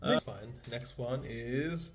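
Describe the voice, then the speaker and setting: A man's voice: medium pitch, noisy background. A man hosting a casual meme review, joking and laughing often as he reacts. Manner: laughs often, jokey, acts out quick silly voices. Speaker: host.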